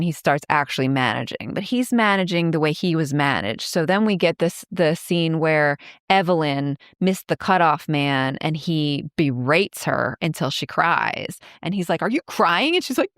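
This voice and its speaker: On a casual movie recap podcast, a co-host in her fifties retells a film's plot in a loose, chatty way, dropping lots of "like"s and laughing quickly as she goes through scenes. Her voice is slightly low. The recording is dry and close-miked, with no room sound at all.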